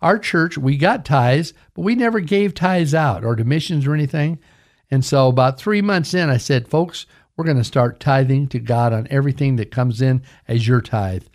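A man's voice: medium pitch, moderate pace, darkish tone. An older man, a pastor, preaching a sermon with emphatic delivery, often calling his listeners "folks". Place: radio broadcast.

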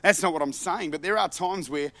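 A male preacher giving a passionate sermon who swings from loud shouting to quiet asides and often repeats words as he goes. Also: sits high, fairly quick, no echo.

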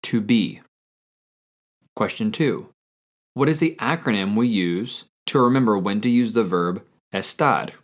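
A man hosting a language-learning podcast, reading a quiz and repeating each answer slowly and carefully. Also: fairly low pitch, expressive. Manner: slow, careful repetition of answers. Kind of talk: scripted language lesson quiz.

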